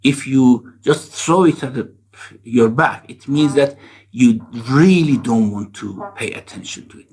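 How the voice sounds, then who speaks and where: A man lecturing on scripture in a measured, explanatory way, reciting verses quickly between his explanations. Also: mid-range voice, a little mellow, slightly rough. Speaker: Quran lecturer. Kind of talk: religious lecture.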